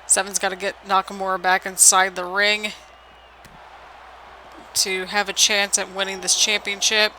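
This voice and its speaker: A YouTuber giving solo play-by-play for a wrestling video game on a headset mic, keeping the voice low because it is late at night. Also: monotone, normal speed, long pauses, a little hiss or hum, low-quality recording. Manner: keeps the voice low and hushed for late-night recording; hype play-by-play with frequent "people" call-outs. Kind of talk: solo game commentary in a wrestling announcer manner.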